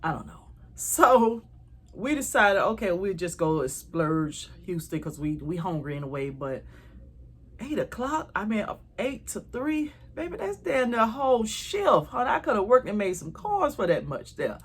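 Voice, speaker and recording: A woman telling a travel story to her viewers in a casual, animated way, swearing freely. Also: mid-range voice, normal speed, husky.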